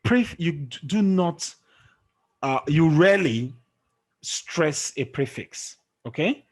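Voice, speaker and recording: A man teaching a classroom lesson, explaining slowly and quizzing his students as he goes. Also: on the high side, animated, a little mellow. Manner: slow, drawn-out explaining with questions to students. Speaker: English teacher.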